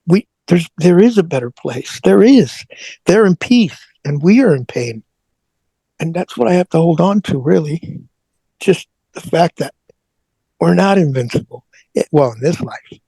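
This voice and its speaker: A middle-aged man, an interview guest, telling an emotional personal story in a halting way, often repeating words as he goes. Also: on the high side, lively intonation, gravelly, mellow, slightly rough, dry recording, poor audio. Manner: halting, repeats words, prays aloud in retelling.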